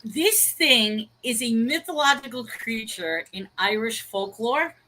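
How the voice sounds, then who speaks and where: Woman co-hosting a stream, rambly and friendly, greets people in chat, bright slightly high voice. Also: measured pace, a little hiss or hum, rough recording. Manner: chatty, self-deprecating about pronunciation; reads viewer chat aloud and greets viewers. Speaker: co-host of a livestream discussion. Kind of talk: casual livestream chat.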